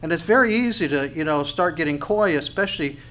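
Man preaching, somewhat high voice. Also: lively intonation, brisk, a bit bright, a little hiss or hum. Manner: asks questions and answers them himself; restarts and repeats phrases for emphasis. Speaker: pastor. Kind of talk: sermon with scripture reading.

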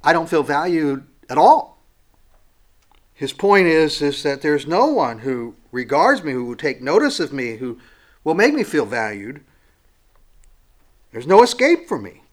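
A man preaching a sermon in a reflective way, with frequent pauses and fillers, moving from hushed lines to emphatic rising phrases. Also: a little high, big pitch swings.

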